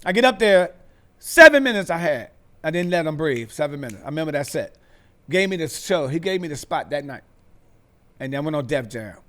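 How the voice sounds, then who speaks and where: Brief: man from the Midwest, stand-up comedian guest, somewhat high voice, loose profane storytelling that jumps into other people's voices. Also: brisk. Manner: animated, acts out other people's voices, laughs often; profane street slang. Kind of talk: storytelling on a talk show.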